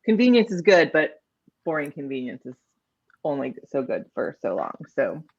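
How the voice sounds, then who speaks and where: Low-voiced woman cohost, dull recording. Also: big pitch swings, moderate pace, breathy edge, no echo. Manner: warmly encouraging, many short affirmations. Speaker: podcast cohost. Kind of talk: casual podcast chat.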